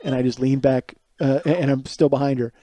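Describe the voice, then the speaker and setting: A man's voice: medium pitch, steady tone, brisk, warm tone, dry recording. A middle-aged man from Chicago hosting a podcast, telling a rambling comic story with frequent restarts and profanity. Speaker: podcast host. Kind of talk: casual comic monologue.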